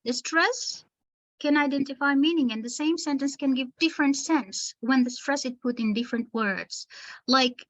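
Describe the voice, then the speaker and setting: High-voiced woman teaching in an online webinar. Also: muffled recording. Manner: slow, deliberate, pausing between words to model stress. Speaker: teacher trainer.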